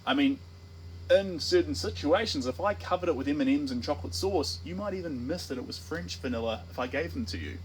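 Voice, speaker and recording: A man's voice: a little high, expressive, brisk, a little hiss or hum, poor audio. A man with a New Zealand accent, an artist chatting casually on a livestream while he paints, rambling and playful. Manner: rambling, playful, full of restarts and tangents.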